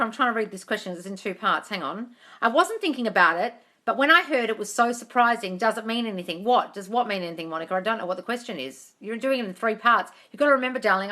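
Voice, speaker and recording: A woman's voice: mid-range voice, pushed and bright. A woman hosting a live-streamed Q&A as a manifestation coach, effusive, calling viewers darling and swearing casually. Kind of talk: live-stream Q&A, reading comments aloud. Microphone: tablet mic.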